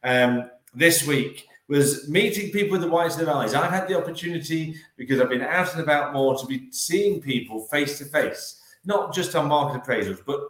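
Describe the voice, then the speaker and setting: A man's voice: a little high, lively intonation, moderate pace, few pauses, fairly bright tone, echoey room, poor audio. A man co-hosting a casual property-business chat, telling corny jokes and anecdotes with lots of ums. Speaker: podcast co-host, estate agent.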